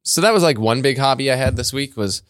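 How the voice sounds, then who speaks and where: A man hosting a podcast, chatting casually and telling animated stories, often laughing and acting out voices. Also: mid-range voice, fast talker, dry recording, studio quality. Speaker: podcast host. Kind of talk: casual chat.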